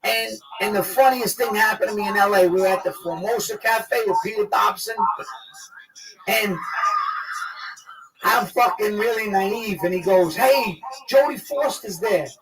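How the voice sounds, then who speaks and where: Man, new york accent, high voice, loud, excitable, swearing storyteller, distant mic, crowd noise behind. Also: moderate pace, pauses often. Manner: loud, excitable, swears a lot, acts out quotes. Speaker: guest actor. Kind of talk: profane storytelling chat.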